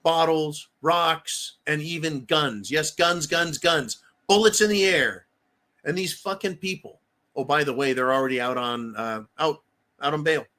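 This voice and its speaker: A man's voice: a little high, measured pace, sharp tone. A middle-aged man hosting a live stream, reading viewer comments and answering them in a profane, emphatic rant.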